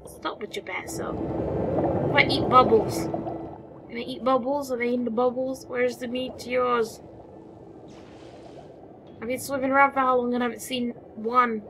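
A woman's voice: on the high side, fairly even intonation, normal speed, long pauses, noisy background. A woman giving casual let's-play commentary, chatty, talking to the game creatures, exclaiming and muttering as she plays. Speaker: gameplay commentator. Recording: music playing behind the voice.

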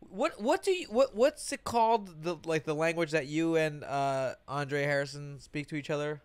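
A man's voice: a little high, normal speed, clear, resonant tone. A man co-hosting a podcast, joking around and chatting casually with a guest. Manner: lively, joking, talks in bursts. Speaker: podcast co-host. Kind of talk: casual studio chat.

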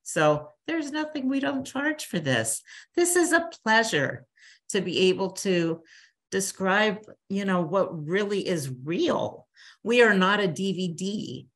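An older woman, a bereavement counselor, gives a chatty talk to a church grief group, acting out little quotes like a warm teacher. Her mid-range voice is expressive and slow.

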